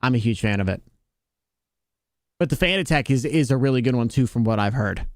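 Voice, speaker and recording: A man's voice: medium pitch, expressive, fairly quick, no room sound. Casual streamer man, dry close sound. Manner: rambling, talks to chat, frequent restarts. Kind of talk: casual live-stream chat.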